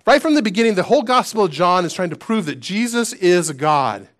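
Chatty man preaching a sermon, voice sitting high. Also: sing-song, fairly quick, a bit bright. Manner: conversational, self-deprecating storyteller; asks the congregation questions. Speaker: pastor.

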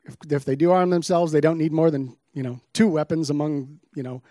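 Man, sermon, scripture reading, slightly high voice, dry sound. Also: steady tone, brisk, warm tone, dry recording. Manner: reads scripture with dramatic emphasis on quoted lines. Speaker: preacher.

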